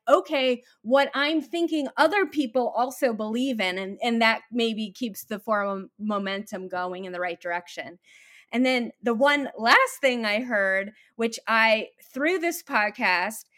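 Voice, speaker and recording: A woman's voice: mid-range voice, sharp tone. A woman hosting a podcast, thoughtfully summing up what her guest said with enthusiasm. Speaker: podcast host. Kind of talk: interview host reflecting.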